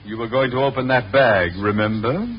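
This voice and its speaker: A man's voice: medium pitch, fairly even intonation, a little fast. Pompous principal guy on an old radio comedy, muffled, a bit of hiss. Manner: pompous, self-important. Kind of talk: 1950s radio sitcom acting.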